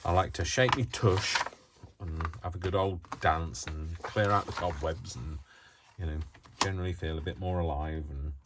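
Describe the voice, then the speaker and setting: A man's voice: sits low, normal speed. A man hosting a crafting tutorial, chatting in a rambling way full of self-mocking asides. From United Kingdom. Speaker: crafting channel host. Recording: loud noise from a faulty microphone.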